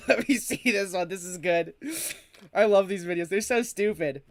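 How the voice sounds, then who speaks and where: A man's voice: high-pitched, no echo. A man streaming a game, chatting casually with his viewers, laughing often and swearing freely. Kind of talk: casual livestream chat.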